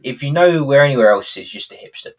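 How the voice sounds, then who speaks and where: A man's voice: mid-range voice, lively intonation, quick pace. A man co-hosting a podcast, recapping a sitcom episode in rambling casual chat. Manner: rambling, with restarts and laughs. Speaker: podcast co-host.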